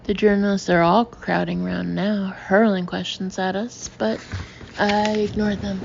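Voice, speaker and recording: A woman reading a novel aloud in the first person, with measured, expressive storytelling. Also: medium pitch, creaky, muffled recording, slight background noise. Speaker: audiobook narrator.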